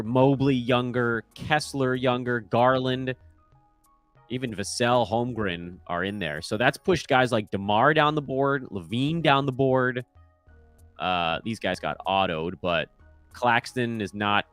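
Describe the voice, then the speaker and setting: A man in his thirties talks through his commentary in an easy, offhand way at an ordinary pitch. He is quick to poke fun at himself. The mic sound is dry, with faint music underneath. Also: a bit bright, dry recording. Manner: offhand, self-deprecating. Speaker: host. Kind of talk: casual commentary. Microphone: microphone.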